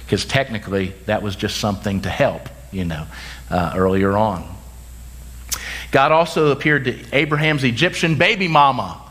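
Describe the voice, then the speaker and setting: A man preaching a sermon as pastor, conversational with quick asides and self-corrections, and he says he is tired. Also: fairly low pitch, a bit bright.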